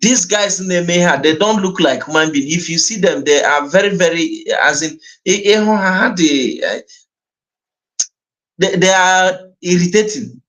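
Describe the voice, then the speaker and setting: A man's voice: high-pitched, normal speed, fairly bright tone, rough recording. A man with a Nigerian accent commenting on a clip in an earnest way, repeating himself and slipping in Igbo. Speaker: livestream host.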